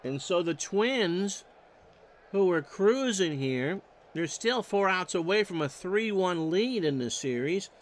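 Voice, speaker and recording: A man's voice: high voice, expressive, slow, slight background noise. A man calling baseball play-by-play, reading off stats with wry joking asides. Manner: stat-heavy calls with wry joking asides. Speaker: play-by-play announcer.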